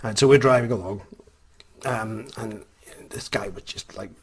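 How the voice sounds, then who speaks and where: A man's voice: fairly low pitch, measured pace, a crowd in the background. A Scottish man, an author, tells a story in a rambling, self-mocking way, hesitating with many ums. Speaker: author, vlogger. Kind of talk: casual storytelling.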